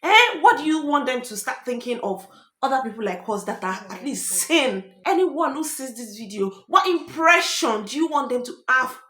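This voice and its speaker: A woman's voice: high-pitched, expressive, normal speed, a bit bright, roomy sound. A woman with a Nigerian accent giving dramatic, mocking reaction commentary as a vlogger.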